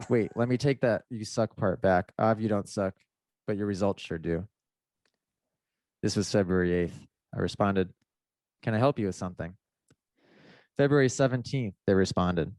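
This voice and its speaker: A man's voice: on the low side, normal speed, long pauses, a little mellow, no room sound, studio quality. A man, a mindset coach guesting on a podcast, telling a story casually, laughing and acting out the messages he quotes.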